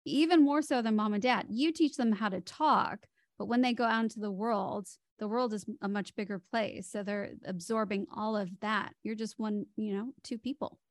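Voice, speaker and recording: A woman's voice: mid-range voice, normal speed, hardly any pauses, no room sound, clean studio sound. A middle-aged woman with an American accent, explaining speech patterns as a voice coach in an interview. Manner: explanatory, demonstrates speech melody with her voice. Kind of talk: podcast interview guest.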